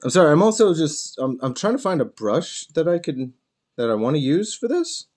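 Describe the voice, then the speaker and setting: A man's voice: on the high side, big pitch swings, fairly quick, darkish tone. Rambling, jokey man hosting a painting show. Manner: rambling, self-correcting, jokey with swearing. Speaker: host of a miniature painting show. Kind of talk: casual chat while painting.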